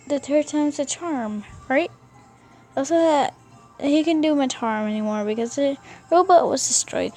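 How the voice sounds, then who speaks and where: A woman's voice: a little high, a little mellow. A young woman casually reading a fan fiction story aloud, often stumbling and rereading words.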